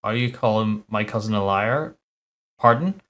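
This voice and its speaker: A man reading aloud as a gruff, proud man who takes offence easily, in a curt, indignant manner. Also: lowish voice, normal speed, a bit bright, natural voice.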